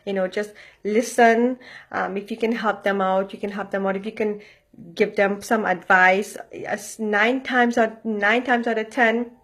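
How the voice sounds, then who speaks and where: A woman talks straight to her viewers in a loose, unscripted way, handing out life advice. She is blunt and swears casually, repeats her points and keeps checking in with a quick "okay?". Her pitch sits in a middle range. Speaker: motivational vlogger. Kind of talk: casual direct-to-camera advice.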